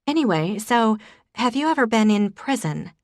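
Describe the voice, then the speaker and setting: Lady doing a nervous eager young woman, voice lifts up higher, dry sound. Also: sing-song, moderate pace, no echo. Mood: brisk. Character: flustered, anxious young woman on a date.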